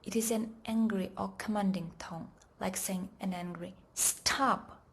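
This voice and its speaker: A woman narrating a pronunciation lesson in a measured, deliberate way, often trailing off into a whisper. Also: medium pitch, steady tone, dark tone. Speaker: language teacher. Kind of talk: slow scripted lesson narration.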